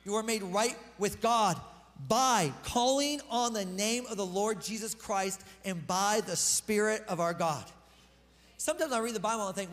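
A pastor with a high-sitting, fairly bright voice preaches a sermon at normal speed, addressing his congregation in a casual yet emphatic way. The church hall gives the recording a long reverb.

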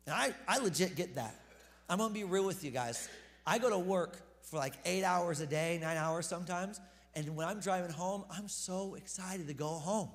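A man preaching a casual, conversational sermon as pastor, joking with the congregation and repeating words when he gets excited. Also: sits high, moderate pace. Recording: long hall reverb.

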